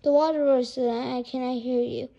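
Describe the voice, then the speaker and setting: A woman voicing a frantic small boy who pleads breathlessly and loudly for help. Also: high voice, steady tone, a little fast, gravelly, dull audio. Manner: urgent, breathless, shouting.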